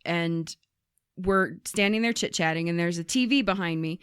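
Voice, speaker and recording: A woman co-hosting a casual podcast, telling and reading listener stories with lively voices for the people she quotes and plenty of swearing. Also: fairly low pitch, moderate pace, clear, resonant tone, no echo, studio quality. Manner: animated storyteller, acts out quoted people, swears freely. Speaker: podcast co-host.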